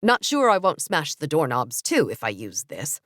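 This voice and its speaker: A woman's voice: sits low, huge pitch swings, moderate pace, a bit bright, no room sound, voice pushed down, full character voice. A woman narrator voicing a sarcastic, bossy female mentor in a storybook reading, in a dry, cutting tone.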